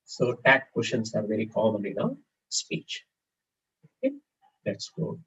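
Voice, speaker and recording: An English teacher from India leads a live online grammar lesson, patiently repeating example sentences. His fairly low voice is bright, forceful and slightly rough, with huge pitch swings and a measured pace. A distant, dull-sounding mic picks him up over faint background hiss.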